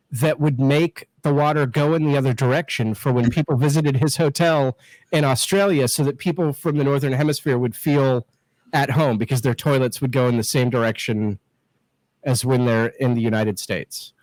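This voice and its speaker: A man's voice: on the high side, no room sound, low-quality recording. A man in his thirties, a guest on a casual live-stream chat over a video call, joking and teasing himself and laughing often. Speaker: guest, political scientist and show host.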